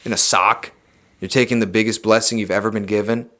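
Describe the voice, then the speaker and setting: A young man on a podcast, talking in a loud, preachy, emphatic way and swearing freely in casual chat. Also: on the low side, fairly even intonation, brisk. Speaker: podcast guest.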